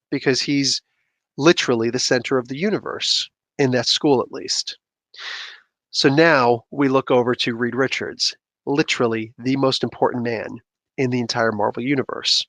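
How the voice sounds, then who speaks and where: A man hosting a comic book review show, talking in a loose, animated and rambling way with sudden outbursts. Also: mid-range voice, normal speed, no echo. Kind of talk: casual commentary.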